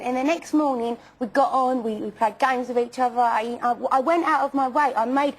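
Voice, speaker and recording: With few pauses and a fairly quick pace, a young woman with a high voice stammers through an interview, repeating words and denying things emphatically as she stands by her apology. The recording is rough.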